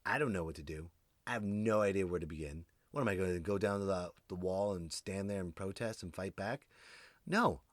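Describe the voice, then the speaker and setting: A man hosting his own podcast, rambling through a jokey monologue that swings between loud outbursts and muttered asides. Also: low-pitched, a little fast, no echo. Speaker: podcast host. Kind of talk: comedic solo podcast monologue.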